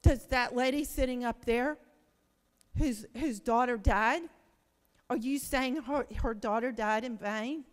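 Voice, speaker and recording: Lady senator pleading hard at a podium mic, kinda high voice, big echoey chamber. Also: unhurried. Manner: emotional, pleading, rhetorical questions. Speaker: state senator. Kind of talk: impassioned floor speech. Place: large legislative chamber. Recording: long reverb of a large chamber.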